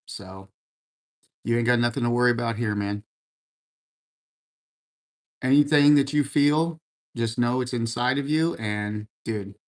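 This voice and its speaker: A man hosting a casual livestream, reading out viewer comments and answering in a laid-back, encouraging way, often calling people man and brother. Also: mid-range voice. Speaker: livestream host. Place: room at home full of racing gear.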